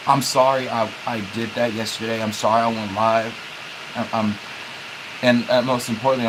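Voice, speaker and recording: Grieving young man on a hissy livestream. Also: fairly low pitch. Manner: halting, grieving, repeats words and restarts. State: holding back tears. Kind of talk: emotional livestream talk.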